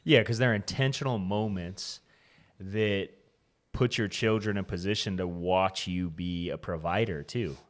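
A man's voice: low voice, unhurried. A man co-hosting a podcast, earnest and affirming in casual conversation with his guest. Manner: earnest, affirming, asks follow-up questions. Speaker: podcast co-host.

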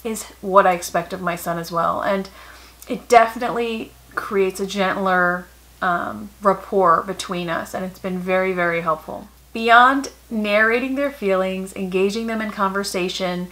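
A woman in her thirties, a mother talking casually to camera and giving parenting advice in a calm, matter-of-fact way, going gentle when she quotes what she says to her children. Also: medium pitch, normal speed, low-quality recording. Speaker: parenting vlogger.

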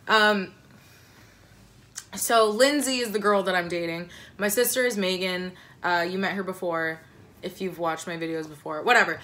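Bright-voiced woman rambling a storytime. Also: medium pitch. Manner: rambling, filler-heavy, self-deprecating. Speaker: vlogger. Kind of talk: casual storytime.

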